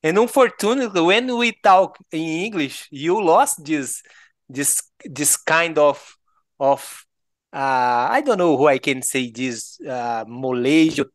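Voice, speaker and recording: Slow, hesitant Brazilian man speaking English. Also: a little high, lively intonation, dry recording. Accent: Brazilian Portuguese. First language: Portuguese. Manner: hesitant, restarts often, laughs between phrases. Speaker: participant. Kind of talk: casual chat, English conversation practice.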